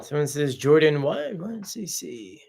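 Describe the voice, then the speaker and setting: A man's voice: fairly high pitch, sing-song, moderate pace, gravelly, a little mellow. A man hosting a casual live stream, chatting off the cuff as he reads out viewer comments and answers them.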